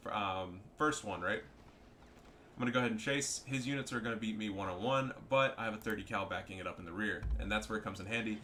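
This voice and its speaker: A young man giving casual, profane, excitable commentary over his own strategy game match. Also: lowish voice, a little hiss or hum. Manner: profane, excitable, trash-talking. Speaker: gameplay commentator.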